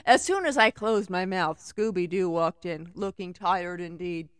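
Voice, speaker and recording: A woman's voice: on the low side, measured pace, smooth, no room sound, studio quality. A young woman reading fanfiction aloud in a casual way, breaking off for giggly, sarcastic asides. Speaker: fanfiction reader.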